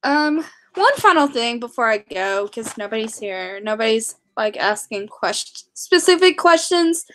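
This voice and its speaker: A young woman chatting to her camera in a high voice, rambling and excitable. She takes her time, circling back over her words with fillers and restarts. It sounds like a casual vlog recorded at home. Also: measured pace. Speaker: vlogger.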